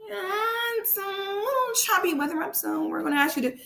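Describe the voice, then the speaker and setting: A woman voicing a male airline pilot making a calm, slow, laid-back announcement. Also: very high voice, gravelly, echoey room, pitched above the performer's own voice, exaggerated voice. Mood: drawling.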